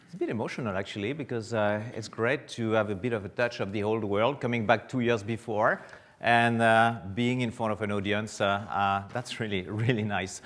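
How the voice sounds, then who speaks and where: French-accented man giving a halting keynote. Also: fairly low pitch, fairly bright tone. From France. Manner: hesitant, many filler sounds. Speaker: conference speaker. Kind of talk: conference keynote. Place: conference hall with audience.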